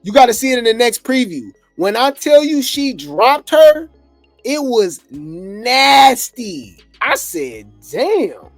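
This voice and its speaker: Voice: mid-range voice, very animated, slow pace, no echo, faint music behind. A host rambling casually through reality TV gossip commentary, chuckling often and full of fillers.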